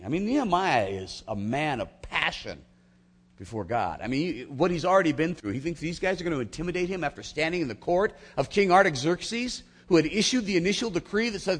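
A high-pitched, fairly quick-talking pastor preaches to his congregation. Full of energy and animation, he narrates a story from the Bible while voicing its figures himself.

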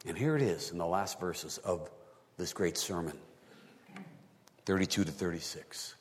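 Man preaching in a reverberant hall. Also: measured pace. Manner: animated, rising to high emphatic bursts. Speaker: pastor. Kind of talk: sermon.

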